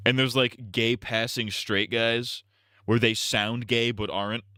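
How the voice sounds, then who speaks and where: A man's voice: medium pitch, fairly even intonation, unhurried, pushed and bright, no echo, studio quality. A man streaming a game, talking casually and crudely, rambling and joking as he plays. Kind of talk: casual gameplay commentary.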